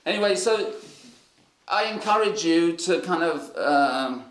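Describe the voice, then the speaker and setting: A man's voice: on the high side, animated, unhurried, fairly bright tone, roomy sound. A man preaching a sermon and telling stories in a loose, rambling way with many fillers and restarts. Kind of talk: sermon with storytelling.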